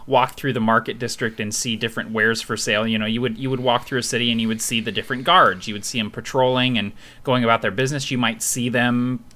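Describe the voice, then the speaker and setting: A man with a bright, forceful voice talking through tabletop game ideas in a relaxed group chat. He explains at length, circling back with fillers as he builds each point. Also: mid-range voice, quick pace. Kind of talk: casual chat about tabletop games.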